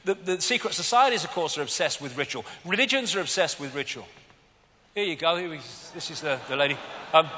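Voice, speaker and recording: A British man giving a live arena talk, animated and mocking, often swearing. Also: on the high side, a little fast, slight background noise. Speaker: public speaker. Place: large arena. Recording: arena reverb with faint crowd.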